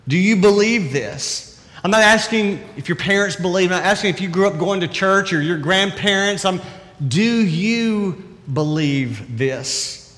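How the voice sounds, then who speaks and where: A high-voiced pastor preaches a sermon at a moderate pace with a fairly bright tone, addressing the congregation conversationally and driving his points home with repeated questions. Every phrase trails off into the long reverb of a church hall.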